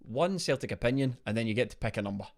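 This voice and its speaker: A Scottish man hosts a festive live stream from home, full of banter and quick laughs. His voice swings widely up and down as he jokes with guests and reads comments. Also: mid-range voice, lively intonation. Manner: jokey, laughs often, Scottish slang. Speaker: podcast co-host. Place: home video call.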